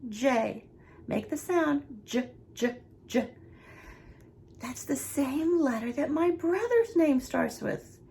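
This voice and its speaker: A young woman, a nursery teacher going slowly and encouragingly through a lesson for small children. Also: sits high, lively intonation, creaky, warm tone, slight background noise. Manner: slow, sing-song, encouraging teacher talk.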